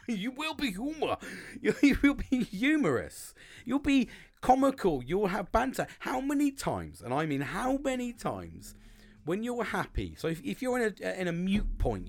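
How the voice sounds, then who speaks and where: A man talking through a casual motivational monologue, rambling and repeating himself, swearing freely. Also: fairly high pitch.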